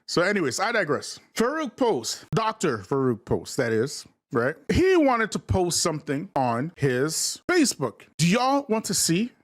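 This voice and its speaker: A man with a fairly high voice that swings widely up and down hosts a livestream commentary. His delivery is preachy, repeating phrases and calling his viewers family. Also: huge pitch swings, measured pace, few pauses. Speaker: host.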